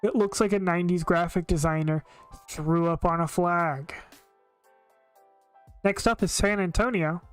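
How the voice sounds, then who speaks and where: A woman's voice: lowish voice, unhurried, pauses often, clean tone, faint music behind. Blunt, opinionated woman streamer. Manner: blunt, opinionated, with frequent filler words. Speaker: live streamer. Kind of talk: casual live-stream commentary.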